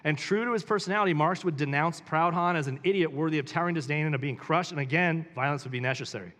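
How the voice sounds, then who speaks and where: A man's voice: a little high, fast, a bit bright, long reverb tail. A man reading a book aloud and commenting on it, with emphatic rising questions between quotes. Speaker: pastor.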